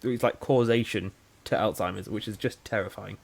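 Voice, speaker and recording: Low-voiced young man telling stories. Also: fairly quick, vocal fry. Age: 20s. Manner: animated storyteller, acts out dialogue. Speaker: podcast co-host. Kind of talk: casual podcast chat.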